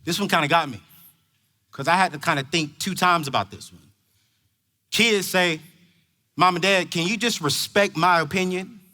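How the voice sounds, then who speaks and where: A man giving an emphatic, preachy stage talk to parents at a large conference, shouting at the high points. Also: moderate pace, pauses often. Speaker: motivational speaker. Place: large conference hall before a crowd.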